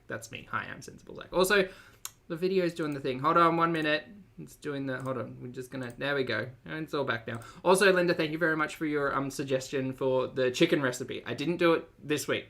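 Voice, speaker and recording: A man's voice: a little high, bright, forceful tone. A young Australian man hosting a live-stream reaction, chatty and joking as he greets viewers by name. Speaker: streamer and host.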